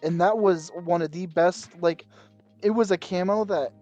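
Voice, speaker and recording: A man with a somewhat high voice co-hosts a gaming podcast, rambling through his point and cursing lightly when he loses it. He talks in relaxed casual chat. Faint music sits in the background. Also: normal speed, muffled recording. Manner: rambling, loses his train of thought, mild swearing. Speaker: podcast co-host.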